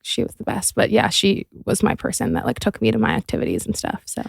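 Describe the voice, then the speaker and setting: A woman's voice: mid-range voice, huge pitch swings, fast, vocal fry, breathy edge, no room sound, clean studio sound. A young adult woman chatting as a podcast guest, talkative and full of fillers like "like" and "um". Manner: chatty, filler-heavy, giggly. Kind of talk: casual chat.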